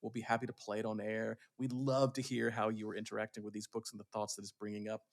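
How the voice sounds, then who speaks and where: A man's voice: on the low side, level tone, fast talker, vocal fry. A young man co-hosting a podcast in casual chat, playful and joking, from the American South. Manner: playful, joking, slips into mock Southern voices. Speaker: podcast co-host.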